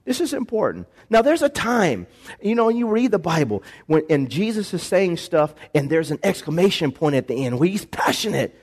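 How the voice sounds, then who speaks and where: A man pastor preaching a lively sermon in a church, acting out voices and calling for responses from the congregation. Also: on the high side, normal speed, slightly rough. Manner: animated preaching, acts out voices, call-and-response.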